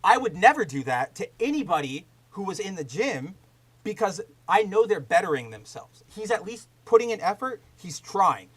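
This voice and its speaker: A man's voice: sits high, moderate pace, slightly rough, rough recording. A man hosting a podcast, talking in a casual, rambling way and ranting with plenty of swearing. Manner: animated, profane ranting; loose, rambling with fillers and restarts. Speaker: podcast host. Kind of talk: casual chat with live chat.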